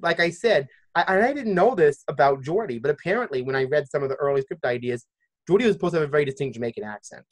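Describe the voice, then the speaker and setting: A man's voice: fairly high pitch, animated, fast talker. A man hosting a podcast in casual chat, thinking aloud and hedging as he goes. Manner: chatty, thinking aloud with hedges. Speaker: podcast host.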